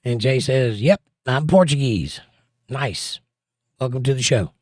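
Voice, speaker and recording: A middle-aged man hosts a casual live stream, reading viewer comments aloud and firing back wry, teasing remarks. His voice sits at an ordinary middle pitch. The sound is close and dry, with no room echo. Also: a little slow, a little mellow. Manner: wry, teasing chat banter. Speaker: livestream host reading chat.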